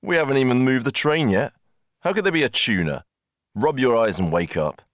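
A man voicing a gruff male train engineer who talks in a scoffing, brusque way. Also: medium pitch, big pitch swings, unhurried, dry recording, clean studio sound, pitched above the performer's own voice.

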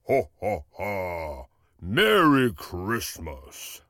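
A man voicing a jolly old Santa Claus who booms out slow laughter and greetings. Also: wildly swooping pitch, a bit bright, dry recording, studio quality, exaggerated voice.

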